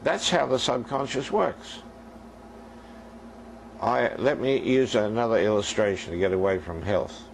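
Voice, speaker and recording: A man's voice: lowish voice, a little slow, vocal fry, long pauses, slight background noise, low-quality recording. An older man preaching a sermon as a minister, telling stories and acting out their dialogue for his congregation.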